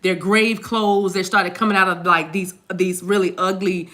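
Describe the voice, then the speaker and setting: A woman talks through a tarot reading in a loose, rambling way, circling back and repeating herself as she goes. Her voice is bright and forward. She speaks casually and addresses viewers directly. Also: fairly low pitch, flat delivery, normal speed. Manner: chatty, rambling, repeats words, sings snatches of songs. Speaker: tarot card reader.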